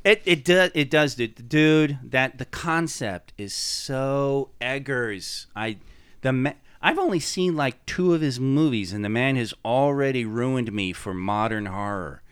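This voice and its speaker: A man's voice: medium pitch, a little slow, clear, resonant tone, no echo. A man hosting a podcast, chatting casually and rambling enthusiastically with frequent swearing. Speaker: podcast host. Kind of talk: casual chat.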